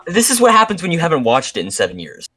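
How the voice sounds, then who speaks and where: A man chatting casually on a podcast, with dry, deadpan sarcasm. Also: fairly high pitch, fast talker, slightly rough. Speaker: podcast guest. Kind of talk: casual chat.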